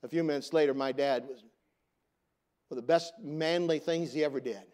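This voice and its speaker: A middle-aged pastor delivers a sermon, recounting a family story in a chatty, conversational style. He builds to loud emphasis, then falls back to a soft, low voice, all at a normal speed.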